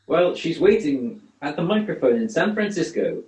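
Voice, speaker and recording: A man's voice: a little high, lively intonation, normal speed, darkish tone. Doctor Watson, played by a man, in a roomy space. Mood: earnest. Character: earnest male doctor, the detective's loyal companion. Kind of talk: radio drama acting. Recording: roomy home recording.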